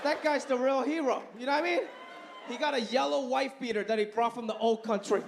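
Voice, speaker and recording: A man's voice: extremely high pitch, fairly quick, vocal fry, noisy background. A man doing a stand-up comedy set in a club, telling stories with a punchy delivery. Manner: animated storytelling, punchy delivery. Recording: live club set with laughing audience.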